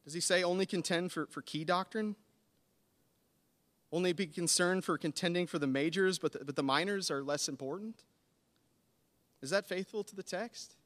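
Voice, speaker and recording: A man in his thirties preaching a sermon, earnest and building to animated emphasis. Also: high voice, normal speed, long pauses. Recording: long hall reverb.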